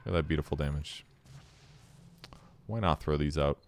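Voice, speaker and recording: Man, extremely low voice, casual game replay commentary, relaxed, self-critical, faint hiss behind. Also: normal speed. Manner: relaxed, self-critical, explains his choices.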